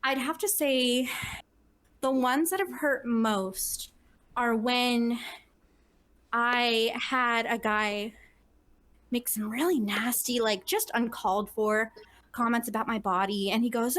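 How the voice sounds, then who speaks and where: Blunt, higher-voiced woman cosplayer. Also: steady tone, takes it slowly, long pauses, fairly bright tone. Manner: candid and blunt. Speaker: cosplay panelist. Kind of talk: casual podcast panel chat.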